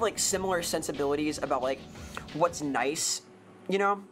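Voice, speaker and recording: A woman's voice: low voice, normal speed, soft background music. A woman streamer chatting casually while playing a game, talkative, laughing often and answering chat.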